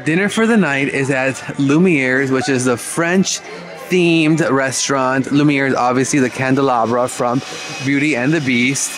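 A man's voice: mid-range voice, unhurried, fairly bright tone, soft background music, rough recording. A man chatting casually while filming a travel vlog on a cruise ship, upbeat and playful. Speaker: vlogger. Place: cruise ship cabin and decks.

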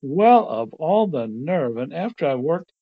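A man's voice: a little high, sing-song, unhurried, phone-quality sound. Bugs Bunny, a cocky complaining cartoon rabbit, as a man puts him on. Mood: cheeky. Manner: cheeky, whining complaints. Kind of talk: storybook reading.

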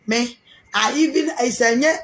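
A Ghanaian businesswoman speaking with a Ghanaian accent in a heated, animated rant to camera, repeating herself for emphasis. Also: a little high. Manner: animated, repetitive, mixes Twi and English.

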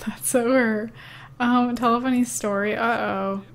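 A woman's voice: fairly high pitch, fairly even intonation, slow pace. A young woman casually narrating her life-simulation game as a gaming YouTuber, chatty and giggly, with lots of "um" and "like". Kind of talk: casual let's-play commentary.

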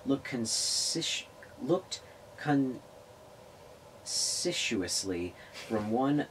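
A man's voice: lowish voice, a little hiss or hum, poor audio. A man reading a novel aloud, stumbling over words and restarting lines. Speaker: reader of a novel on a public access show.

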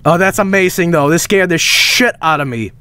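Frantic, high-voiced streamer. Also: male voice, moderate pace, clear, resonant tone, dry recording. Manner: loud, frantic swearing and nervous laughter. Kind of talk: live gameplay commentary.

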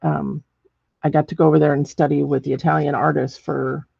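A woman's voice: low voice, flat delivery, fairly quick, gravelly, dark tone, husky, dry recording, lo-fi sound. A middle-aged woman demonstrating ceramic painting in a chatty way, thinking aloud as she works. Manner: chatty, thinks aloud while working, many ums.

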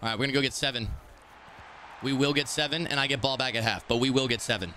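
A man streaming a football video game, commenting live in a brash, excitable, trash-talking way. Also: medium pitch, fast talker, a little hiss or hum.

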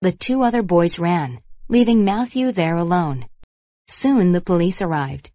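Low-voiced woman reading lesson sentences. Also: expressive, measured pace, warm tone, no room sound, lo-fi sound. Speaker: lesson narrator. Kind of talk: scripted vocabulary lesson narration.

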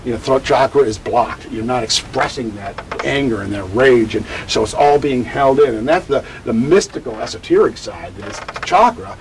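Older man, grief educator, halting speech, many restarts, faint background noise. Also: mid-range voice, animated, rough recording. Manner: halting, repeats words and restarts often. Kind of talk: candid personal storytelling in an interview.

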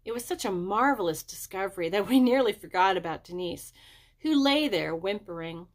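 A woman reading a children's chapter book aloud, raising her pitch for the children's dialogue. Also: animated, normal speed. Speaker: audiobook reader. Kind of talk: storybook narration.

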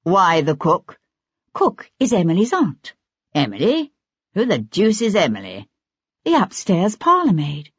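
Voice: medium pitch, huge pitch swings, a little slow, slightly rough, no room sound, exaggerated voice. A reader voicing a cold, calculating older nobleman who speaks in a controlled, clipped way, in an audiobook. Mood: irritated. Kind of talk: audiobook character voice. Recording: dull lo-fi audiobook recording.

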